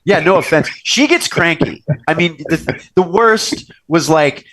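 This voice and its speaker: A young man hosting a casual chat show from a restaurant's wine cellar, telling stories and acting out quoted lines in bigger voices. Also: measured pace. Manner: animated storyteller, acts out quotes with big pitch jumps. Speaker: podcast host.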